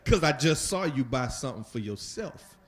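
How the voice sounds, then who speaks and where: A man's voice: mid-range voice, big pitch swings, moderate pace, a crowd in the background, lightly acted. A man voicing a pushy young child who insists on getting something from a parent. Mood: demanding. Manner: demanding, insistent.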